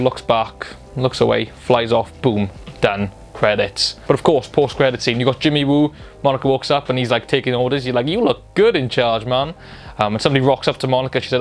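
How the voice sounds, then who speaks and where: Excitable young man recapping a show. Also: mid-range voice. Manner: excitable, swears, acts out quotes. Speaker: film review host.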